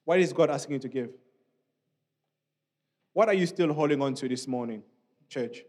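A man preaching a sermon in a church, speaking in an animated, conversational way with many asides to the congregation. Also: medium pitch, moderate pace. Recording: long reverb of a church hall.

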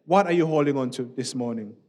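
A man preaching a sermon in a church, speaking in an animated, conversational way with many asides to the congregation. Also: medium pitch, fast talker. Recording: long reverb of a church hall.

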